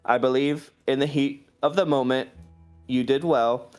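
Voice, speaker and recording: A man playing a tabletop game, speaking his character's lines slowly and formally. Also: mid-range voice, steady tone, darkish tone, clear, resonant tone, faint music behind. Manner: slow, formal in-character speech. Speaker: player. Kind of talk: tabletop role-play in character.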